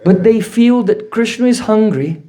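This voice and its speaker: A man's voice: sits high, a little slow. A man giving a devotional lecture, telling stories and checking in with rhetorical questions. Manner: animated storyteller, asks rhetorical "hmm?". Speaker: spiritual teacher.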